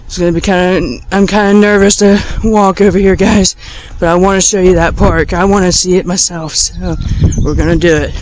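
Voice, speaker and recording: A man's voice: high-pitched, steady tone, brisk, few pauses, a little hiss or hum, poor audio. A man chatting casually to his viewers while walking around a small riverside town with a handheld camera, easily amazed by what he sees. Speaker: vlogger.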